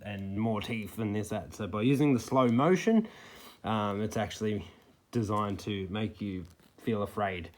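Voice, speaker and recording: A man with an indignant, mocking manner, giving critical commentary to camera and picking apart a news report. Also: on the low side. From Australia. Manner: indignant, with mocking quoted soundbites. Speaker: snake catcher giving commentary.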